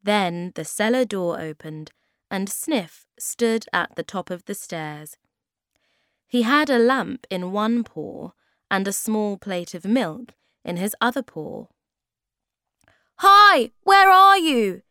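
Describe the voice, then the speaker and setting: A woman reading a children's storybook aloud in a slow, clear, expressive way. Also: mid-range voice, no echo, studio quality.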